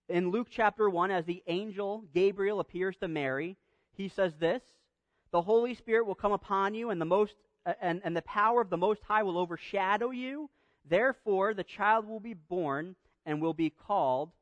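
Pastor, male, earnest emphatic preaching, high voice, dry sound. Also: dry recording. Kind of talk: sermon.

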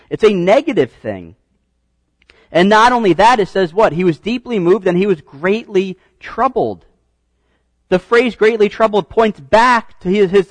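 A man's voice: high-pitched, dry recording, poor audio. A man preaching a sermon in a conversational teaching style, often checking in with "right?" and repeating words as he restarts.

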